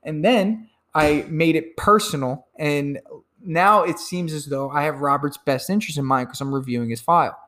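A man giving a sales training talk, emphatic and quick to act out phone calls, often repeating words as he goes. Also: a little high. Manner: repeats words when excited. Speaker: sales coach.

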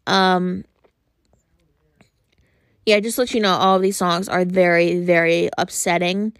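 A young woman hosting a podcast, talking frankly and earnestly in a casual monologue, often pausing on fillers. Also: lowish voice, fairly even intonation, clear, resonant tone, no room sound, studio quality. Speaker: podcast host.

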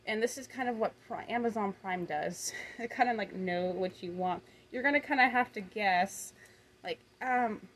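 A woman's voice: medium pitch, normal speed, a little hiss or hum, low-quality recording. A woman explaining communication techniques from a book in a casual, conversational way, often correcting herself. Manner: conversational, self-correcting, frequent fillers. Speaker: presenter summarizing a communication book.

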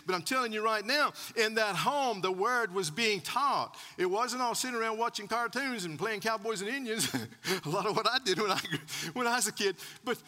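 High, bright-voiced preacher man in a reverberant church. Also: normal speed. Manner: folksy storytelling with repeated words and chuckles. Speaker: pastor. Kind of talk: sermon. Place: church sanctuary. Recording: church hall with long reverb.

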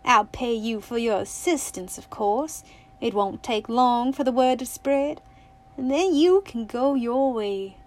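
A woman reading the part of a smooth, scheming man in a yellow suit, easy and almost friendly. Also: unhurried, natural voice. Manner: easy, almost friendly, turning shrill and petulant.

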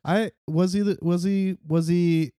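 Male co-host, deadpan riffer, a touch high, dry recording. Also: a little slow, dry recording. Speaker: podcast co-host. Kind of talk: casual comedic chat.

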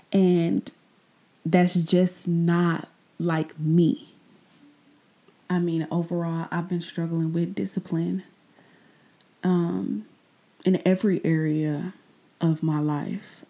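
A woman hosting a personal faith podcast, talking candidly and reflectively, often trailing off into soft, breathy asides. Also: lowish voice. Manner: repeats phrases, trails off into pauses. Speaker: podcast host.

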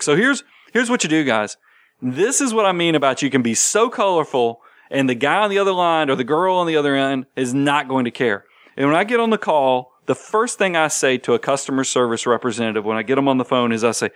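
A man's voice: mid-range voice, a little fast, no room sound, studio quality. A man, co-hosting a casual money talk show and animatedly acting out quotes as he tells stories. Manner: animated, storytelling with acted-out quotes. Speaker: podcast co-host.

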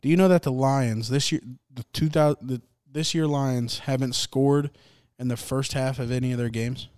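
A man's voice: mid-range voice, steady tone, moderate pace, darkish tone, smooth, dry recording, studio quality. A young man hosting a laid-back sports podcast, rambling, joking and swearing as he reacts to games. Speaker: podcast host. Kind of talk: casual sports chat.

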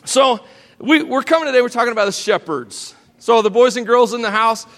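Folksy preacher with a high, cracking voice. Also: male voice, a little fast, fairly bright tone, in a large hall. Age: middle-aged. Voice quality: voice cracking a little. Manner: folksy, joking, addresses the congregation and children directly. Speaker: pastor. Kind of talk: sermon. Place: church sanctuary.

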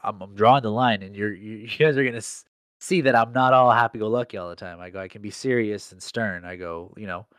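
A man's voice: lowish voice, fast, fairly bright tone, clean tone, no room sound, studio quality. Slangy young man telling a story. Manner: slangy storytelling, heavy use of "like". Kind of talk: casual chat.

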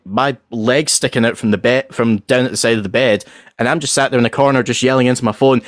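A young man co-hosting a casual chat, telling lively stories and acting out voices. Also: mid-range voice, no echo, clean studio sound. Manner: animated storyteller who acts out voices and yells. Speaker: podcast co-host.

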